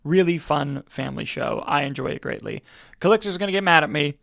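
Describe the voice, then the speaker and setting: Gravelly man in casual podcast chat. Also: a little high, a little fast, fairly bright tone, no echo, clean studio sound. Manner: candid, profane, joking. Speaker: podcast co-host.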